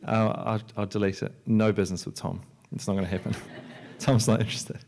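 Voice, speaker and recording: Male panel speaker, low-pitched, relaxed and joking, stumbles and restarts a lot. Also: a little fast, creaky. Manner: joking, loose, with many restarts and fillers. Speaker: panel speaker, software entrepreneur and filmmaker. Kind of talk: conference talk. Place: lecture hall at a library.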